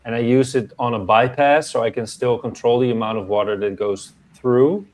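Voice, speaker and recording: A man who is a guest in a casual chat, explaining things calmly and practically. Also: medium pitch, normal speed.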